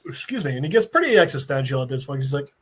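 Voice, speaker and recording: A man on a podcast telling an episode scene by scene, his pitch swinging up and down as he slips into voices for each character. He talks casually, swears freely and breaks into laughter. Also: fast talker, husky. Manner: animated storytelling with put-on character voices. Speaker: podcast host.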